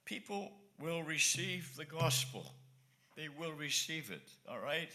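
A man's voice: a little high, animated, a little slow, pushed and bright. A male evangelist preaching a sermon to his congregation, emphatic and pleading, repeating his points. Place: church congregation.

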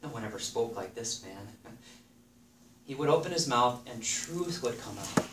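A man's voice: medium pitch, animated, normal speed. Earnest male preacher in an echoey room. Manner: earnest, repeats phrases for emphasis, reads scripture aloud. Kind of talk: sermon. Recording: echoey room, voice somewhat far from the mic, faint background noise.

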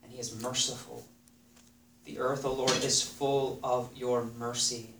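Reading scripture aloud and repeating phrases for emphasis, this man delivers a sermon earnestly in an unhurried, mid-range voice with little pitch movement. The recording has an echoey room sound, faint background noise, and a voice set somewhat back from the microphone.

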